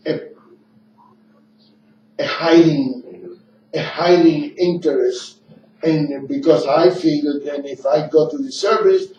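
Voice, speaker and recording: A man's voice: fairly high pitch, slow pace, long pauses, a little mellow, reverberant, a little hiss or hum. A man hosting a radio talk show in English, his second language, rambling and repeating himself as he shares his opinions. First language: not English. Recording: dull lo-fi room sound from a distant mic.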